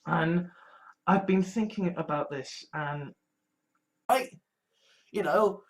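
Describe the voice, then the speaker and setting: A man's voice: high voice, slow pace. A man ranting exasperatedly in a monologue vlog, swearing heavily. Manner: heavy swearing, exasperated rants. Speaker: vlogger.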